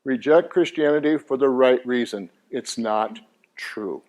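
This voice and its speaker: In a church meeting room, an older man presents a Christian teaching course to a live audience, jovially joking and asking the crowd questions as he goes. His mid-range voice is a little mellow and unhurried.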